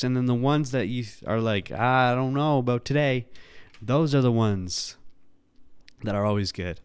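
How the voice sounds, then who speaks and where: A man's voice: mid-range voice, clean tone, no echo. A male podcast host rambling casually on his own, self-deprecating and swearing now and then.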